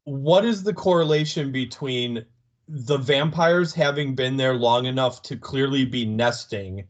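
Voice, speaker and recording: A man's voice: mid-range voice, muffled recording. A man co-hosting a podcast, chatting casually and hedging with lots of "like". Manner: slow, hedging talk full of "like". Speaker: podcast co-host.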